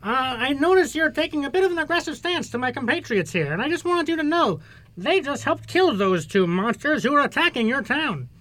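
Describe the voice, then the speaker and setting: A man's voice: very high-pitched, very animated, a little fast, pushed and bright, full character voice, rough recording. A man voicing a polite, persuasive businessman schemer in a tabletop game. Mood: smooth. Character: smooth-talking male businessman schemer.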